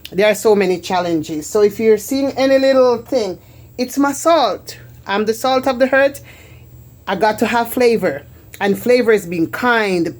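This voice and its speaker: A woman's voice: medium pitch, a little mellow. Chatty churchgoing woman showing her home. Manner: chatty, faith-filled, repeats phrases for emphasis. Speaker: home vlogger. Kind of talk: casual home tour chat.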